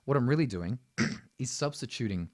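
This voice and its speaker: A man's voice: mid-range voice, animated, moderate pace, no room sound, clean studio sound. A man teaching singing, explaining technique and often checking in with "right?". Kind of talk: vocal lesson.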